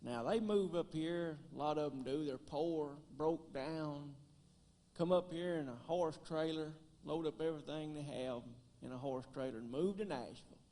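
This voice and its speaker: A man with a thick West Tennessee drawl, telling homespun jokes and stories on stage with a deadpan delivery. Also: on the high side, normal speed. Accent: West Tennessee Southern drawl. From Gleason, Tennessee. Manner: homespun, deadpan one-liners. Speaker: banjo player and comedian. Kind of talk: folksy stand-up storytelling on stage. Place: concert stage.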